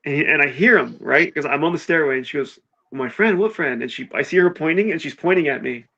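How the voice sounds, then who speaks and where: A man's voice: a little high, fast, vocal fry, dull audio. A man telling a wild party story in casual chat, swearing freely and acting out what everyone said. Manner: animated, swears a lot, acts out quotes.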